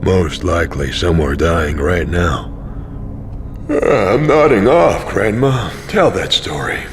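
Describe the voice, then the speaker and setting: A man's voice: very deep voice, fairly even intonation, a bit bright, a little hiss or hum. A man narrating an audio drama as a tired, cynical wandering pilgrim. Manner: dry, tired, slow narration. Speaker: narrator and main character.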